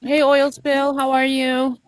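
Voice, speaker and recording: A woman's voice: sits high, completely flat delivery, takes it slowly. A woman from Albania hosting a live stream, blunt and teasing as she moderates her callers. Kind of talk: casual live-stream chat.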